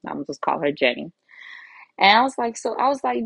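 Blunt, animated woman telling a story. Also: mid-range voice, fairly quick, vocal fry, breathy edge, no room sound. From Africa. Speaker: podcast host. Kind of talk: casual storytelling.

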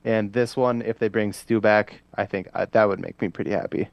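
A man with a gravelly, low-leaning voice co-hosts a podcast, speaking briskly in a steady tone. The chat is loose and casual, full of laughs and fillers that trail off, with no room sound.

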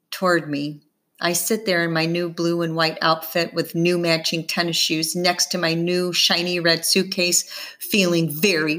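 A woman narrates a novel in the first person, taking her time over each line. Her voice sits a little low, and she slips gently into the characters' dialogue. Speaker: audiobook reader.

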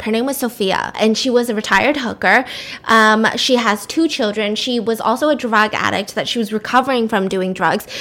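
A woman host casually retelling a dark story on a podcast, chatty and full of fillers. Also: on the high side. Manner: chatty, many "like" fillers, quick asides.

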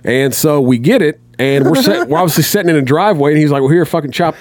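A man's voice: a little high, animated, fast talker, darkish tone, no echo. A swearing storyteller man, close and dry. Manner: rambling, heavy swearing, acts out quotes. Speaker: podcast guest. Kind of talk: casual storytelling.

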